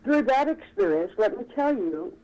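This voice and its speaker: A woman in her fifties calling in to a talk show, speaking haltingly with stumbles. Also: on the high side, big pitch swings, mellow. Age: 50s. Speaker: caller. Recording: muffled phone line.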